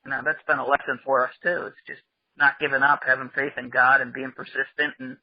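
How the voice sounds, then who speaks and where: A man's voice: mid-range voice, flat delivery, a little fast, no room sound. A man speaking as an interview guest, plain-spoken and reflective. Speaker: interview guest, writer and director. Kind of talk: casual interview talk. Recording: dull, lo-fi remote audio.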